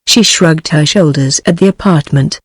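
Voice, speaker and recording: A synthetic woman's voice with a British accent giving a text-to-speech narration of a story, in an even, flat delivery. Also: low-pitched, normal speed, slightly rough, no echo.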